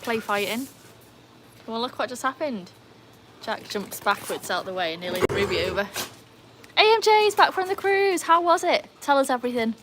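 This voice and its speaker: A woman's voice: on the high side, animated, normal speed, background noise. A woman, chatting casually on a live stream, laughing often and greeting viewers by name. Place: outdoors by a pool with dogs. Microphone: handheld phone.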